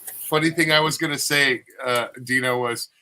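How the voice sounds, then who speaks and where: A man's voice: medium pitch, fairly even intonation, normal speed, background noise. A man co-hosting a casual podcast, interjecting and pointing out clips. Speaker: podcast co-host. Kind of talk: casual chat.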